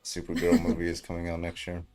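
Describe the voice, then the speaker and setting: Low male streamer, relaxed host, swears casually. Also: fast, music in the background. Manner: laid-back, swearing, chuckling. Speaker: livestream debate host. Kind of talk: casual livestream chat.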